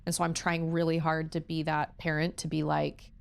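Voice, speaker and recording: Candid, rambling woman with a gravelly voice. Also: low voice, flat delivery, moderate pace, hardly any pauses. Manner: candid, rambling, acts out quotes. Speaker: streamer and mother. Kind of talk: casual chat while gaming.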